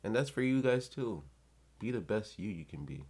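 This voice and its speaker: A man's voice: lowish voice, sing-song, moderate pace, darkish tone, husky. A man giving blunt, profane advice in a casual rant to his viewers.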